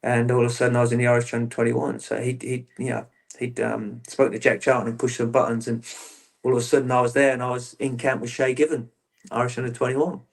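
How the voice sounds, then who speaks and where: A former footballer in an interview, telling long stories in a rambling, self-interrupting way. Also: male voice, mid-range voice, flat delivery, fast, vocal fry. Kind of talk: casual interview chat.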